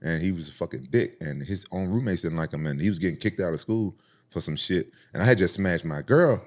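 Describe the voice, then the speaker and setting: A man from Memphis with a drawl talks quickly in a low register. He tells profane, animated street-fight stories as a podcast guest and jumps high in pitch to quote the people in them. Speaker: podcast guest, former UFC champion. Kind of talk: casual storytelling.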